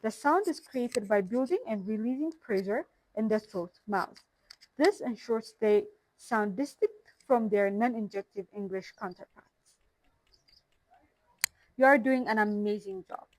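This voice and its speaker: Slow, careful woman teaching pronunciation. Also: mid-range voice, a little hiss or hum. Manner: slow, careful, sounding out each syllable. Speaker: language teacher and channel host. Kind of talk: pronunciation lesson.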